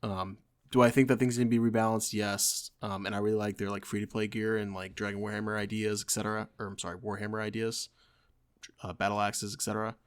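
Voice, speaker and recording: A man co-hosting a casual gaming podcast, talking in a relaxed way and giving short agreeing replies. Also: on the low side, quick pace, clean tone. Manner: relaxed, reads blog text aloud, short agreeing replies. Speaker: podcast co-host.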